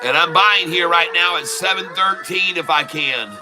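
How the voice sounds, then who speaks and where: A man giving excited live commentary on his own stock trades, hyping the moves like a showman and repeating prices over and over. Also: sits high, over music. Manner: showman hype, drawn-out exclamations, repeats prices. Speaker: day trader streaming live.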